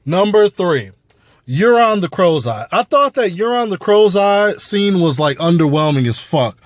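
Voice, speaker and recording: A man talking through a TV episode in a loose, rambling way, swearing freely and filling gaps with ums and likes. His voice sits slightly high for a man. The sound is dry and close, with no room echo. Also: animated, unhurried. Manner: loose, profane, rambling with fillers. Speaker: show reviewer. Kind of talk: casual spoken review.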